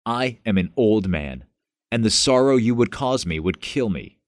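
A man's voice: on the low side, expressive, normal speed, no echo, studio quality, lightly acted. A man reading the part of a grieving old father who laments and pleads, in a Bible story reading. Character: grieving old father, fearful for his son.

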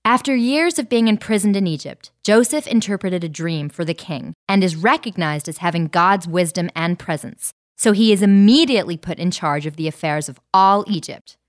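A woman narrating a clear, explanatory summary between Bible story readings. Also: lowish voice, normal speed, few pauses.

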